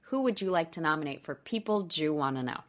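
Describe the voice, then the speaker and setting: A woman in her twenties hosting a podcast in casual chat, animated and laughing often as she tells stories. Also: deep voice, fast talker. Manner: animated storyteller, laughs often, quotes kids in playful voices. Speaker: podcast host.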